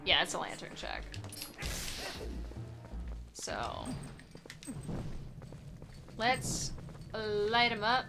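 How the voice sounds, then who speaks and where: With loud music behind her, a young streamer rambles playfully through a randomized adventure game, saying "like" a lot. Her medium-pitched voice is very animated yet very slow and creaky, broken by long pauses.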